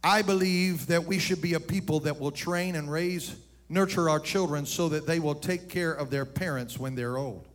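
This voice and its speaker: Pastor, high voice, animated sermon with shouted peaks and direct address. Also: male voice, moderate pace, faint music behind.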